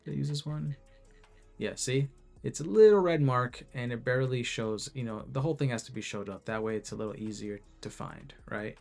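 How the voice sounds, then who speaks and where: A man who created an app talks casually through a screen-share video, his mid-range voice a little fast, creaky and slightly mellow, with faint music in the background. He rambles and interrupts himself, restarting sentences and plugging gaps with "you know" and plenty of other fillers.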